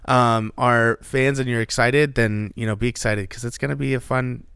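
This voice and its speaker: A man's voice: medium pitch, fairly even intonation, moderate pace, gravelly, fairly bright tone, clear, resonant tone, no room sound, studio quality. Rambling, jokey male podcast host. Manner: rambling, jokey, lots of fillers. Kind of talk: casual chat.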